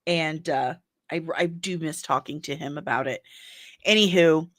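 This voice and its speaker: Woman, host, casual entertainment news chat, low voice, rambling with jokey asides, dry close sound. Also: normal speed, a bit bright, no echo.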